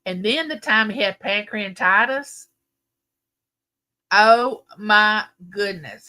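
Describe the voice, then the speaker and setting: A woman's voice: mid-range voice, slow, pauses often. A middle-aged woman, casually telling a long family story to her livestream audience. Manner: animated, emphatic storyteller. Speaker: livestream host.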